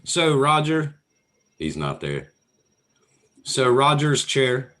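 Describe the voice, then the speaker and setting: A man's voice: mid-range voice, sing-song, slow pace, sharp tone. A man hosting a casual livestream chat over an online call, joking and laughing often. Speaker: livestream host.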